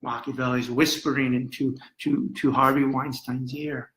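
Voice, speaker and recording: A man's voice: mid-range voice, little pitch movement, normal speed, fairly bright tone. A man giving an impassioned live lecture, dramatic and emphatic, repeating phrases for effect. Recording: roomy echo.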